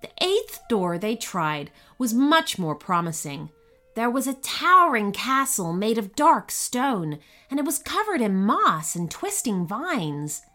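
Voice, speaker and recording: A woman narrating a children's story with an expressive, unhurried reading. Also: a little high, faint music behind.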